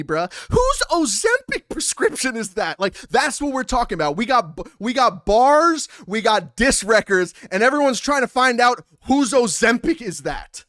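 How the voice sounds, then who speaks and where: A young man hosting a live stream, ranting with loud, profane bursts and reading out messages from chat. His voice sits high for a man and sounds close and dry, with no room around it. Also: no room sound. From Italian heritage. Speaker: livestream host. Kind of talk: casual livestream commentary.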